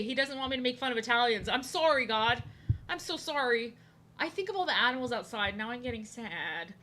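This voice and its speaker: Bright-voiced woman chatting while drawing. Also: fairly high pitch, expressive, fairly quick, a little hiss or hum. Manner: rambling, jokey, repeats herself. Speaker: streamer. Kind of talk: casual chat while drawing. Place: home, indoors.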